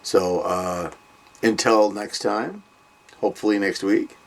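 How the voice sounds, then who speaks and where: A man's voice: on the low side, slow. An older man hosting a comic book review vlog, chatting in a loose, rambling way with many ums and trailing asides. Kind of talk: casual vlog chat.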